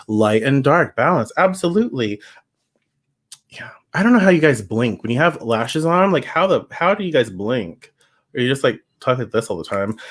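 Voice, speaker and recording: A man's voice: on the high side, a bit bright. A man giving a casual livestream tarot reading, chatty and emphatic, reacting to viewer comments as he goes. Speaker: tarot reader.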